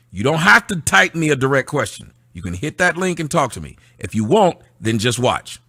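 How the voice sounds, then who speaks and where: A man runs a casual livestream, talking straight to his viewers. His tone is sarcastic and mocking, and his voice comes through bright and forceful. The sound is dry and close, with no room echo. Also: on the high side. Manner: reads out and answers viewer comments. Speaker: livestream host. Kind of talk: casual livestream rant to chat.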